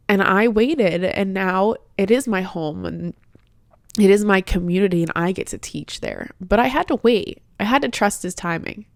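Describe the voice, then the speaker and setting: A woman in her late twenties talks candidly on her own podcast, her voice sitting a little low and dry. She rambles warmly through a personal story with frequent "like" fillers, sincere and heartfelt. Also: no echo. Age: 20s. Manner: chatty, full of "like" fillers, heartfelt. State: tearful, emotional at times. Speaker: podcast host.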